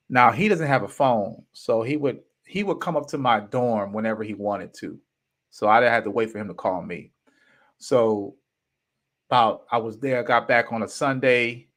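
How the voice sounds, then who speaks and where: A man in his fifties tells a personal story on his podcast, animated and emphatic. His pitch sits in a plain middle range. He speaks in casual slang, pressing hard on key words. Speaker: podcast host.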